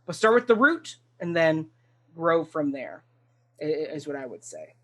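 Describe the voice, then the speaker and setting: An eager talk show host who rambles happily through a casual discussion. Sentences often restart mid-thought. The voice sits at a middling pitch. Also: sing-song, normal speed, bright, forceful tone. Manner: enthusiastic, rambling and full of restarts. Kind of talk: casual discussion of a stage musical.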